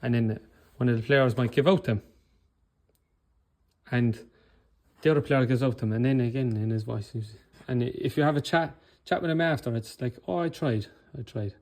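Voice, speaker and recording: A man's voice: medium pitch, moderate pace, darkish tone. A man with an Irish accent, coaching in a motivational talk, speaking with controlled anger and passion and often checking in with "okay?". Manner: blunt, swears, keeps checking in with "okay?".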